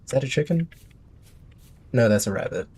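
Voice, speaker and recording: A man's voice: mid-range voice, moderate pace, a little hiss or hum. A man streaming a survival game, giving chatty, playful live commentary with jokey exclamations. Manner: chatty, playful, self-mocking; excitable exclamations.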